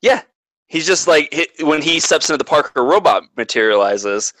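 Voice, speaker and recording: A man's voice: a little high, animated, moderate pace, a bit bright, dry recording, low-quality recording. A man in casual chat, animatedly retelling a movie plot and swearing freely.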